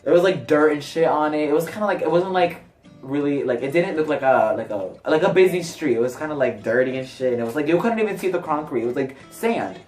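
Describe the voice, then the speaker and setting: Animated young man telling a story. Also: fast, distant mic. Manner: animated, filler-heavy, jumps pitch for quoted lines. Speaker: vlogger. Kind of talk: casual profane storytelling. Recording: roomy sound from off-mic, faint music.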